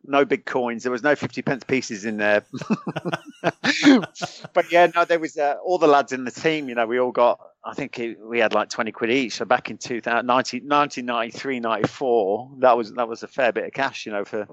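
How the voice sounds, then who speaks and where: A British man, a former soldier and podcast guest, telling animated stories in casual chat, chuckling and restarting his sentences. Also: medium pitch, brisk, dry recording, lo-fi sound. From United Kingdom. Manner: animated anecdotes, chuckles often, many restarts. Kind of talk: casual storytelling.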